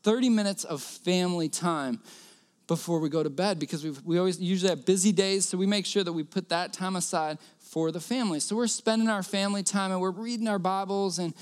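A man's voice: high voice, brisk, clear, resonant tone. A man preaching a sermon, telling a personal story earnestly and repeating key phrases.

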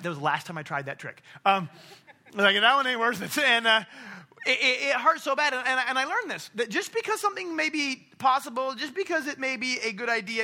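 High bright-voiced male preacher. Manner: storytelling, acts out characters in quotes; casual, frequent restarts and stammers. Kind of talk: sermon.

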